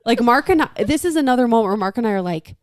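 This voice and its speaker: A woman's voice: a little high, racing, no echo, clean studio sound. A woman in her thirties, a mother chatting casually and acting out the voices in her story. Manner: animated storyteller, acts out quoted voices. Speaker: mother telling a story about her daughter. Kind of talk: casual chat.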